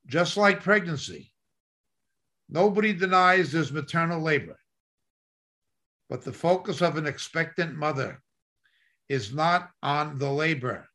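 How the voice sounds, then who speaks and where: A male Bible teacher preaching in an emphatic, repetitive style, his voice bright and forceful. He speaks slowly and deliberately, leaning on each phrase. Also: a little high. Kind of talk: sermon teaching.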